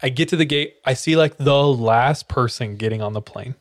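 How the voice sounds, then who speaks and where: A young man recounts a story as a podcast co-host, with animated delivery. He breaks into quick voices and sound effects for the people in it. The talk is loose and casual. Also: medium pitch, no room sound, clean studio sound. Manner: animated, acts out quotes with sound effects and laughs.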